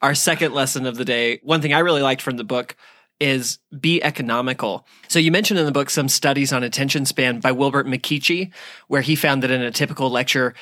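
A man's voice: mid-range voice, pushed and bright, no room sound, clean studio sound. A man hosting a podcast, summarizing points from a book in an organized way. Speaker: podcast host. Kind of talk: casual podcast conversation.

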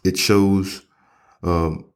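A man's voice: low-pitched, fairly even intonation, drawn-out words. A man hosting an English-learning podcast, talking in a casual, rambling way with many fillers and restarts. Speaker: English teacher and podcast host. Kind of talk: casual spoken lesson.

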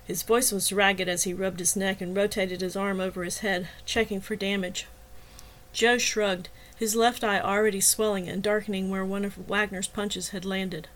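A woman reading a novel aloud in first person as the narrator, with a steady, expressive delivery. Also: medium pitch, moderate pace, poor audio. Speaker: audiobook narrator.

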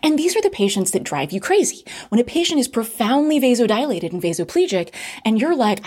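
A woman teaches a recorded medical lecture with a husky, slightly breathy voice. Her pitch swings widely as she stresses key points, and she keeps posing rhetorical questions and then answering them. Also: big pitch swings, brisk, a little mellow. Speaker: critical care lecturer.

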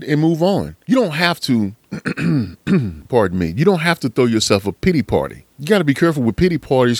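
A man's voice: medium pitch, dry recording. A man giving a casual, preachy motivational talk in slangy speech, often calling the listener man. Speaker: motivational speaker.

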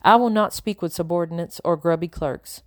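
A woman's voice: on the low side, fairly quick, no room sound, clean studio sound, natural voice. A woman reading a haughty, imperious lady. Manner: imperious and cutting. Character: cold haughty wealthy lady, slave owner.

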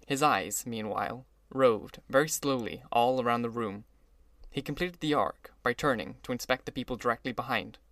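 A man's voice: medium pitch, a bit bright, no room sound. Man reading an audiobook, dry close sound. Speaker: audiobook reader. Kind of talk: scripted narration.

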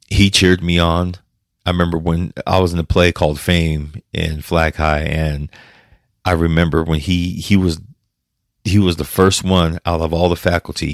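A man hosting his own podcast, talking emotionally and haltingly with restarts, choked up and close to tears. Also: deep voice, no echo. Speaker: podcast host. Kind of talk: personal podcast monologue.

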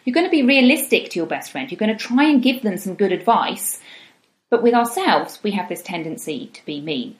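A woman's voice: mid-range voice, lively intonation, a little fast. A woman coach giving encouraging advice, slipping into little spoken quotes of what you might tell yourself. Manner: encouraging, acts out inner voices in quotes. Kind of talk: advice talk to camera. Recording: roomy echo.

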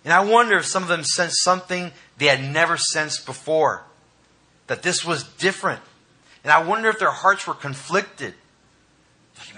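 A man preaching a sermon to a congregation, reading scripture and commenting with dramatic emphasis and pauses. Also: a little high, expressive, sharp tone. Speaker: pastor. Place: church hall.

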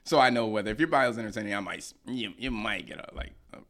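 A young man co-hosting a casual chat, teasing and joking in lively banter. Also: fairly low pitch, quick pace.

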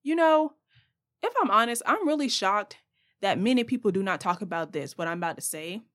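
A woman's voice: mid-range voice, animated, fairly quick, a bit bright. A young woman hosting a podcast, giving blunt, passionate advice straight to her listeners in a casual monologue. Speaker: podcast host.

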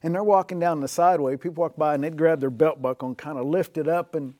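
Man spinning a relaxed faith anecdote. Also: on the high side, fast, no room sound, studio quality. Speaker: guest telling faith stories. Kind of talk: casual storytelling.

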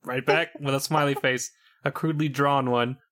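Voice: mid-range voice, fairly even intonation, normal speed, a bit bright. A player in a tabletop game, speaking in a dry, laid-back way. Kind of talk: tabletop role-play.

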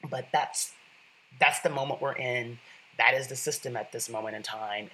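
A bright, clear-toned podcast host talking through a solo political show in a loose, conversational way. The delivery is earnest and chatty, with a self-deprecating streak, and a faint ambient hum sits behind it. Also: mid-range voice, fairly even intonation, moderate pace, rough recording.

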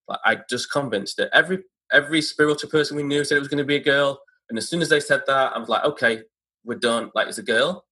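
A young adult man sharing a personal story, halting and emotional, with many restarts. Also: medium pitch, bright, forceful tone. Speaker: speaker sharing his story. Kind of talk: personal testimony.

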